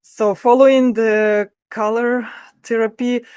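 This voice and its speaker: A woman's voice: fairly high pitch, fairly even intonation, slow, a little mellow, clean tone, dry recording. A woman interview host asking her guest encouraging questions about her path. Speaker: podcast host.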